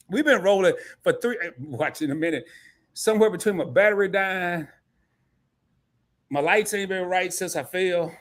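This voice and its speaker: A man hosts a casual live stream in a somewhat high voice, animated and joking as he talks straight to his viewers. He sounds sore from a recent fall and swings between loud laughing bursts and quieter asides. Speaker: host.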